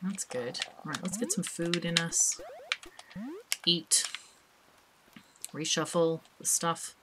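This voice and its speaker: A woman's voice: fairly low pitch, takes it slowly, very noisy. A woman hosting a let's play, chatting casually and thinking aloud as she plays, with small laughs. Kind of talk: casual gameplay commentary.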